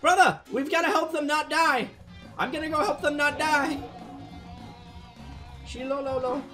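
A man co-hosting a video game let's play, goofy and loud, with sudden shouts and swearing. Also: unhurried, soft background music. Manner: goofy, loud outbursts, swearing, put-on deep voice. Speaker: gameplay co-host.

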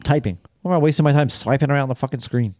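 A young man co-hosting a podcast, excitable and profane, chiming in with quick agreement. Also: mid-range voice, dry recording, studio quality. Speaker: podcast co-host. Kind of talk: casual crude podcast banter. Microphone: studio podcast mic.

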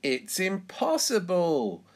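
A man voicing a cheerful female rabbit who runs a fairground stall, calling out in a loud, sing-song way. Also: high-pitched, huge pitch swings, takes it slowly, gravelly, husky, pitched above the performer's own voice, heavily acted. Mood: teasing.

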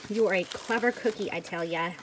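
A woman vlogger chatting excitedly to viewers as she unboxes a package of craft supplies. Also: medium pitch, fairly quick, a little hiss or hum. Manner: gushing, excitable, addresses viewers as you guys. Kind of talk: casual unboxing chat.

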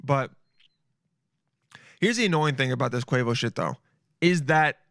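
A man's voice: mid-range voice, lively intonation, unhurried, pauses often, a bit bright, no room sound, clean studio sound. A young man hosting a podcast, riffing casually and animatedly, laughing often and slipping in slang like "dude". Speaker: podcast host. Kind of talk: casual solo podcast riff.

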